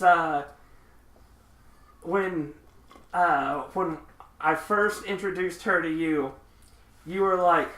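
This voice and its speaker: A podcast host, a man with a bright, slightly high voice, recounts tour stories with energy. He voices the people in the stories as he goes, and his laughter breaks in now and then. The sound is roomy and echoey. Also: slow pace, pauses often. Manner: animated, laughing raconteur who acts out the people in his stories. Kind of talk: casual storytelling chat. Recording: echoey room.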